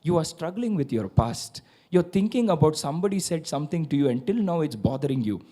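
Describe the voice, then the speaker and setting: Pastor preaching, kinda high but mellow voice, gets loud and punchy. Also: male voice, very animated, a little fast. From India. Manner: preaching with sudden loud rising declarations. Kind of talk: sermon.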